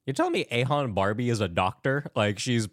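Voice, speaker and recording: A man co-hosts a relaxed movie podcast, wandering off topic and breaking into laughter as he talks. His voice sits at an ordinary pitch but swings up and down a lot. It is recorded close and dry. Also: fairly quick, no echo. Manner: rambling, laughs through his sentences. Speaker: podcast co-host. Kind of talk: casual movie podcast chat.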